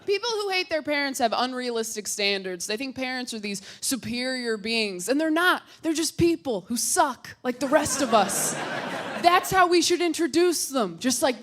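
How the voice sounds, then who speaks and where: A woman's voice: high-pitched, animated, normal speed, fairly bright tone. A young woman doing a stand-up comedy set on stage, wry and punchy, slipping into quoted voices. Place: comedy stage before a live audience. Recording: noisy live stage recording.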